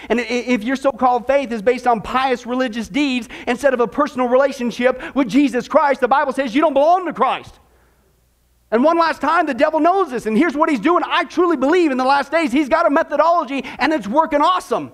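Male preacher, very high voice, emphatic and animated delivery. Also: fairly quick. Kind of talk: sermon.

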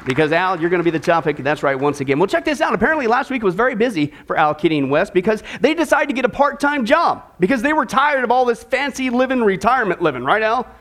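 A jovial preacher, a man with a very high voice, moves from a long joke into his sermon. He talks animatedly, restarting often with little fillers. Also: very animated, quick pace, few pauses, a bit bright. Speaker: pastor.

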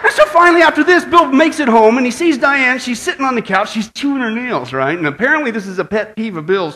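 This is a man with a high voice, preaching as a pastor. He talks in a lively storytelling way and keeps checking in with "right?" and "okay?" as he goes. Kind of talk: sermon with a joke opening.

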